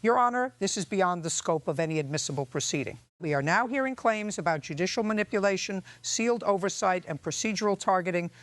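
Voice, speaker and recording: Voiced by the narrator, a crisp female lawyer who lodges objections in stiff legal phrasing. Her alarm shows through the formality. The recording is close and dry. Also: fairly low pitch, expressive, a little fast, few pauses, no room sound, close to an everyday voice.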